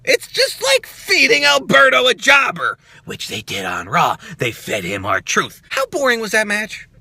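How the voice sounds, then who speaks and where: Rowdy man ranting with wild pitch swings. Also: huge pitch swings, measured pace, gravelly, husky, no echo. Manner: loud, profane, mocking, with swings of pitch and volume. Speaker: wrestling review host. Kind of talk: ranting reaction commentary.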